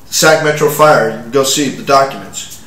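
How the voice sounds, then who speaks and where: A man's voice: mid-range voice, fairly bright tone, far from the mic. Agitated man in his forties, echoey. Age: 40s. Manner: agitated, halting, with many restarts and fillers. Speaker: vlogger telling his own story. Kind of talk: rambling first-person account.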